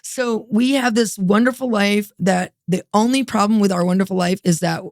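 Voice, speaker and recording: Brief: expressive female storyteller, dry close sound, animated delivery. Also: medium pitch, moderate pace, no echo. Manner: animated, acts out quoted voices. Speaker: podcast guest, minister. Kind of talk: storytelling in a podcast interview.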